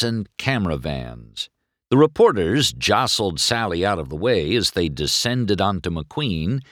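A man reads a children's storybook aloud at an unhurried pace, his pitch swinging widely to color every line. The recording is dry and close, with no room around him. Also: no echo. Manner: slow, highly animated reading. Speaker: narrator.

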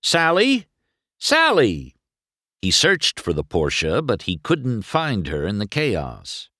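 A man reads a children's storybook aloud at an unhurried pace, his pitch swinging widely to color every line. The recording is dry and close, with no room around him. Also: no room sound. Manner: slow, highly animated reading. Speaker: narrator.

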